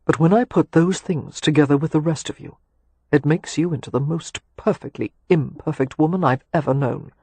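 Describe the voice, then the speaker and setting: A man reading the part of a teasing, ardent young gentleman in an audiobook romance, speaking wryly and earnestly. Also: fairly high pitch, normal speed, husky. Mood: tender teasing.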